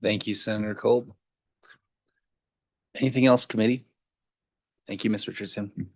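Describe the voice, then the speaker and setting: A man chairing a legislative committee hearing, calling on speakers in a brisk, procedural way. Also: lowish voice, steady tone, no room sound, clean studio sound.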